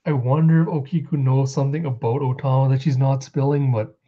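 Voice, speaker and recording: A man casually recapping comic chapters as a show host, rambling and acting out character lines in quick put-on voices. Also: mid-range voice, fairly even intonation, warm tone, muffled recording. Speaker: manga reviewer.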